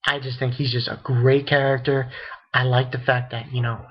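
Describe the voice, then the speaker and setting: Man, casual anime reviewer, rambling delivery, husky tone, muffled lo-fi recording. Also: mid-range voice, little pitch movement, moderate pace. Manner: rambling, many restarts and fillers.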